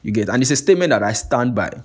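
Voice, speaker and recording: A young man with a Nigerian accent, hosting a podcast in a casual, animated, profane monologue. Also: mid-range voice, racing, slightly rough. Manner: animated and profane, keeps asking "you get what I'm saying". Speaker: podcast host.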